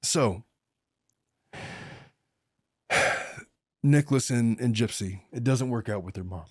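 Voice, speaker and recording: A man's voice: mid-range voice, takes it slowly, breathy edge, dry recording, clean studio sound. A middle-aged man hosting a podcast, chatting casually and telling jokey stories from his family and law work. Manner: joking, animated storyteller. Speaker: podcast host, lawyer.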